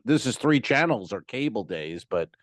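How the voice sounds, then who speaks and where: A man co-hosting a comedy podcast, telling showbiz stories in a loose, animated way with some swearing. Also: mid-range voice, no room sound, studio quality. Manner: animated storyteller, swearing, does quick impressions in stories. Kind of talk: casual comedy podcast chat.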